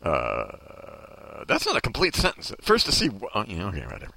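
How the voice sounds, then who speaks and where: A man's voice: sits low, wildly swooping pitch, moderate pace, vocal fry, pushed and bright, husky, no echo. A man hosting a talk show, ranting in a sarcastic, mocking way and needling people off mic. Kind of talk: comedic opinion rant.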